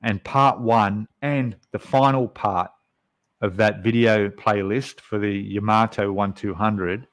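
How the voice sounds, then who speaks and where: An Australian man speaks slowly in a fairly low, steady voice, with no echo, as he hosts a casual live stream. Chatty and rambling, he reads out viewer comments with lots of fillers.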